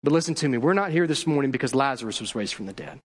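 A man's voice: mid-range voice, expressive, racing, in a large hall. A man preaching a sermon as a pastor, telling a story with acted-out quotes and questions for the congregation.

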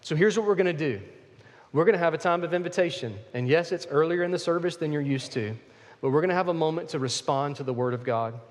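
A man's voice: on the high side, quick pace. Emphatic preaching man in reverberant hall. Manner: emphatic preaching, repeats key phrases. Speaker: pastor. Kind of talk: sermon. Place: church sanctuary.

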